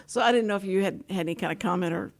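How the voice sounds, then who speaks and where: An older woman with a drawl hosts a relaxed talk show. She tells long, winding stories, stopping and restarting mid-sentence. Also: mid-range voice, very fast, vocal fry. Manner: chatty, rambling storyteller with many restarts. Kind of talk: casual talk show interview.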